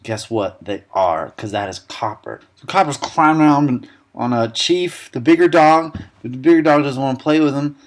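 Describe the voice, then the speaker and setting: A young man giving a sarcastic, deadpan comedic recap of a film, dropping quick asides and snippets of characters' lines. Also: mid-range voice.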